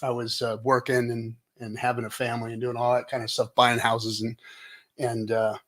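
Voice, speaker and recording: A man's voice: medium pitch, monotone, moderate pace, fairly bright tone. A middle-aged American man hosting a casual live-stream chat, rambling with lots of fillers and restarts, joking and hyping up his guest. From United States. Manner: jokey and hyped. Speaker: show host.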